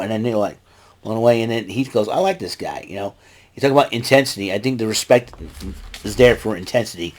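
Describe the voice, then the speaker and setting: A man's voice: medium pitch, fast talker. A man hosting a casual show, recapping events in a rambling way and jumping into raised voices when he quotes people. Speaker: podcast host recapping wrestling.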